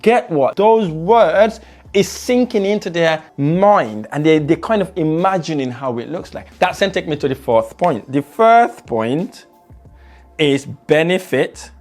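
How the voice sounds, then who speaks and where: A man coaching on sales, speeding up and slowing right down as he demonstrates his tone. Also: a little high, lively intonation, a little mellow, soft background music. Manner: varies pace and tone widely to demonstrate. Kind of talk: motivational teaching video.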